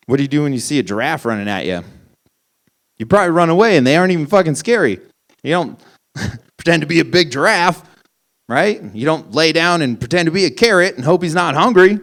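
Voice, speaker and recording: A man's voice: fairly high pitch, expressive, fairly quick, long pauses, a bit bright. A young man performing a stand-up comedy set, ranting incredulously with lots of swearing. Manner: profane, incredulous, ranting punchlines.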